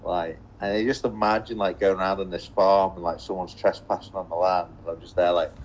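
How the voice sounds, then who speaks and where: Brief: young guy, lower voice, rambling filler-heavy chat, faint hum behind. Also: steady tone, fairly quick, muffled recording. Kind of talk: casual chat.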